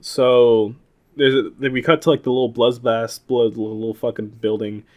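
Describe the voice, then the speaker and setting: A man's voice: medium pitch, fairly even intonation, moderate pace, dull audio. A young man co-hosting a casual podcast, recapping an episode in a loose, rambling way. He laughs often and swears freely. He acts out the lines he quotes in goofy voices. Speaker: podcast co-host.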